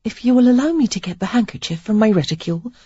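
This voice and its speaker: A prim, sheltered young lady speaks in a high, polite, tentative voice, as a woman narrator puts her on. Her tone is lively, with a husky grain, and the recording is dry and a little dull. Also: fast, no room sound. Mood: anxious, polite. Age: 20s.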